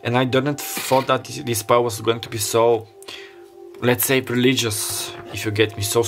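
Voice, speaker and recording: A man's voice: mid-range voice, little pitch movement, normal speed, fairly bright tone, soft background music. A man giving a pick-a-card tarot reading, rambling and earnest, often stopping to restart and leaning on "like" as he talks. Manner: rambling, stops and restarts, heavy use of "like"; earnest and openly emotional.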